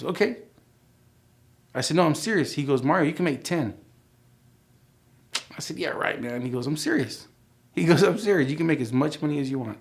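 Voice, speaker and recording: Reflective man in his forties telling stories. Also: mid-range voice. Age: 40s. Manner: acts out quoted dialogue with lively shifts, conversational and reflective. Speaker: interviewee sharing his life story. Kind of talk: relaxed storytelling interview.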